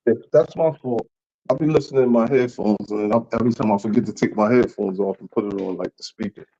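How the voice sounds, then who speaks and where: Blunt guest on dull lo-fi call. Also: male voice, fairly low pitch, fast talker, mellow. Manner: blunt, heated, emphatic. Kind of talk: casual call-in chat.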